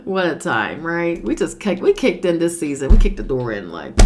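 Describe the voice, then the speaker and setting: A woman's voice: low-pitched, sing-song, a little fast, few pauses, slight background noise. A woman giving a casual tarot reading while sick with a cold, talking in a chatty, sassy way and swearing now and then. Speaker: tarot reader.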